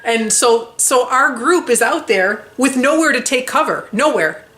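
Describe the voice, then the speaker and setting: A woman co-hosting a casual chat, telling stories in an excitable, animated way with many fillers. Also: high voice, unhurried, reverberant. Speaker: co-host.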